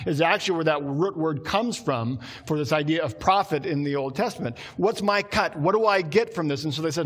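A man preaching a sermon, animated and acting out quoted complaints in a lower voice. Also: moderate pace. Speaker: pastor.

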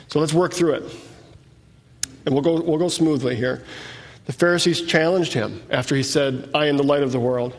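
A man teaching a sermon, reading scripture aloud and explaining it in plain conversational asides. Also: fairly high pitch. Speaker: preacher. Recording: echoey hall with long reverb.

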